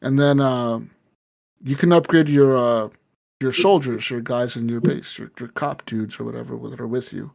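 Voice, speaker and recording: A man co-hosting a podcast, telling a gaming story in a profane, animated way and acting out the people in it. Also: medium pitch, normal speed, vocal fry. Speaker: podcast co-host. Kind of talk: casual chat.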